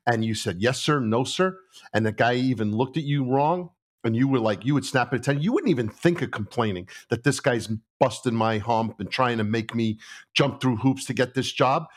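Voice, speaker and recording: A man's voice: medium pitch, moderate pace. A man, a retired police officer talking earnestly and with firm opinions. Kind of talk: reflective conversation.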